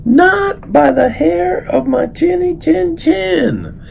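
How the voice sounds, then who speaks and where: A man voicing a small, scared little pig in a storybook read-aloud, squeaky and slow. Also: expressive, gravelly, darkish tone, a little hiss or hum, full character voice. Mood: defiant. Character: tiny frightened little pig, high and squeaky.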